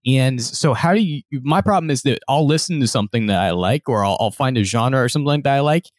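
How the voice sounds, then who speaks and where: A man's voice: medium pitch, lively intonation, quick pace. A man who teaches music leans into the conversation with questions, thinking aloud as he goes. His voice sits in the middle range. The sound is close and dry, with no room echo. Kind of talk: casual group discussion.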